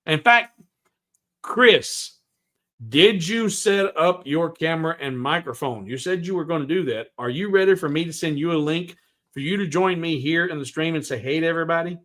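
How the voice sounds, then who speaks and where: Pitched a bit above most men's, this woodworking livestream host's slightly bright voice rambles folksily and unhurriedly through a casual live tutorial in his home workshop. He hums little tunes as he works and reads out viewer comments before replying.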